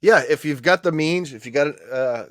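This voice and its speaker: A man's voice: a little high, moderate pace, no room sound, clean studio sound. A man co-hosting a movie podcast, casual and laid-back, swearing freely. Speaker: podcast co-host. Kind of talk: casual chat.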